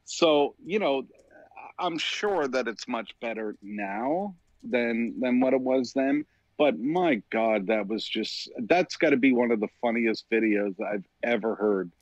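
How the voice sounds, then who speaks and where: A man's voice: medium pitch, a little slow, dry recording. Canadian guy on a muffled dry line, laid back, lots of ums. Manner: relaxed, hesitant, many fillers. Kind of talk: casual tech chat.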